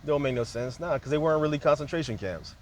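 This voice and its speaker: A man's voice: a little high, expressive, fast talker, a little hiss or hum. A man talking in a loose, rambling monologue, jumping from point to point and peppering his speech with casual fillers.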